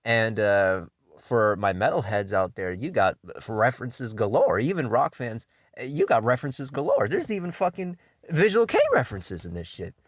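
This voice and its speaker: A man casually hosting an anime countdown, talking in a loose, enthusiastic way, swearing freely and filling pauses with um and you know. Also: medium pitch, very animated, no echo, studio quality. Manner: laid-back and enthusiastic, with frequent swearing; loose delivery full of fillers like um and you know. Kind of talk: casual spoken countdown commentary.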